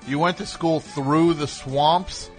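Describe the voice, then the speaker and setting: A man hosting a call-in radio show, teasing a caller in excitable, triumphant banter. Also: on the high side, takes it slowly, soft background music.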